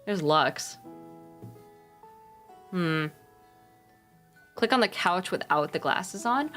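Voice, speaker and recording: A woman's voice: on the low side, animated, slow pace, long pauses, fairly bright tone, soft background music. A woman streaming a game, chatting casually with her viewers and swearing freely.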